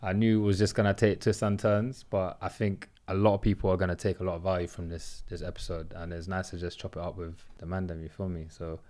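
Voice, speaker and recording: A man hosting a podcast, talking in relaxed slang-filled casual chat. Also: low-pitched, fast talker, few pauses. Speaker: podcast host.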